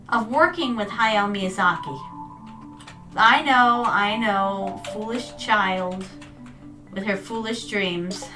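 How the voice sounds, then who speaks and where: High bright-voiced woman streamer. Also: recorded from a distance. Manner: storytelling, calls viewers "my darlings". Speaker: VTuber streamer. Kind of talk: casual chat while gaming.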